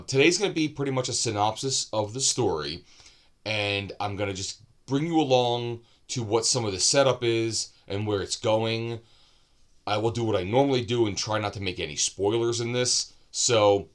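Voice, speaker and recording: Casual male book reviewer, lowish voice, chatty and wandering, thinks aloud mid-sentence. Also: moderate pace. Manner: loose and rambling, with asides and self-corrections.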